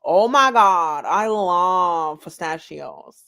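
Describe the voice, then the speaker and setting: A woman's voice: mid-range voice, expressive, a little slow, lightly acted. A woman voicing a tiny, bubbly, childish woman who talks in a whiny, self-assured way.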